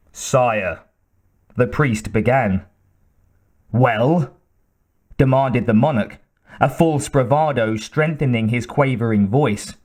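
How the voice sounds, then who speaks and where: A man narrating an audiobook in a measured, deliberate reading style. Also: medium pitch, a little mellow. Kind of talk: scripted narration.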